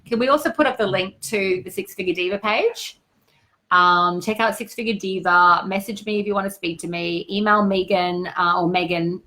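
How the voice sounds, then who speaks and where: A woman's voice: medium pitch, fairly bright tone, rough recording. A woman hosting a live stream as a business coach, greeting viewers by name and giving effusive motivational talk.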